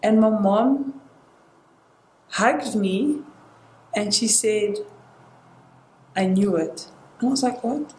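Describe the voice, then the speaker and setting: A woman's voice: medium pitch, slow, pauses often, a little mellow. A young woman telling a personal story in casual conversation. She retells it with energy and acts out the quoted dialogue. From South Africa. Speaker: guest sharing a personal story. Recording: roomy indoor sound with faint noise.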